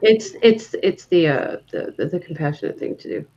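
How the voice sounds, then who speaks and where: A man's voice: on the high side, expressive, normal speed, darkish tone. A man in casual livestream banter, speaking matter-of-factly and stammering through restarts. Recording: dull lo-fi mic.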